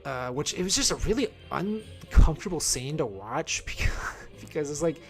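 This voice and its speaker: On the high side and sing-song at a normal speed, this streamer chats casually over a video game while wearing headphones. He reviews films, wandering off track and correcting himself as he thinks aloud, and faint game music plays behind him.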